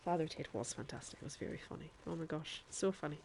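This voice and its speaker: A woman's voice: low-pitched, quick pace, gravelly, darkish tone, slight background noise. A woman streamer chatting to her viewers in a put-on Irish accent while she plays a game, often laughing as she talks. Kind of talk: live gameplay commentary.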